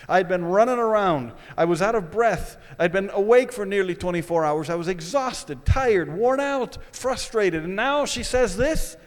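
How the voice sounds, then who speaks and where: A man telling a personal story to an audience, retelling it in an animated, dramatic way. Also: high voice. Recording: echoey hall.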